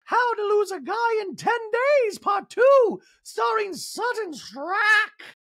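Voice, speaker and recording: A man voicing a snooty high-society woman in a squealing falsetto. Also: animated, slow, fairly bright tone, dry recording, clean studio sound, exaggerated voice.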